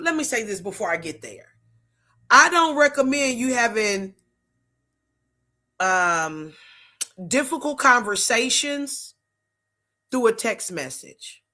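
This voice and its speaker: Woman, talk show host, bright tense voice, fairly high, preachy. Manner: preachy, conversational, emphatic. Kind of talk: faith-based talk show monologue.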